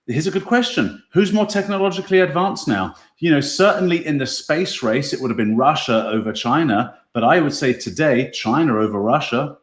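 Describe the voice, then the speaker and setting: A man's voice: on the high side, animated, brisk, hardly any pauses, echoey room. A man hosting a casual online show, musing over viewer comments in an easygoing way and chuckling often. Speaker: podcast host.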